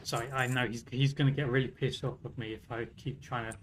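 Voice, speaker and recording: A man's voice: mid-range voice, fairly even intonation, fast talker, slight background noise, low-quality recording. Rambling British man streaming a game. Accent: British English. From Britain. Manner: rambling, self-mocking, swears casually. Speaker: livestreamer. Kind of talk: casual gaming stream chat.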